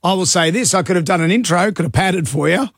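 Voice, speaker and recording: Male radio host, husky and fairly high, playful banter, dry close mic. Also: quick pace, no echo. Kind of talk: casual radio chat.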